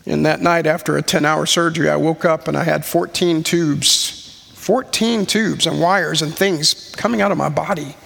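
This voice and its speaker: A man in his forties giving a sermon-style personal testimony, earnest and slow with pauses. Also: fairly high pitch, steady tone, gravelly, a bit bright. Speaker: speaker sharing testimony. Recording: long hall reverb.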